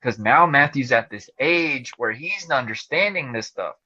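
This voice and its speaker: A man's voice: medium pitch, lively intonation, a little slow, sharp tone, breathy edge, no room sound, lo-fi sound. A man hosting a casual podcast conversation, talking candidly and emotionally with lots of fillers. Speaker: podcast host.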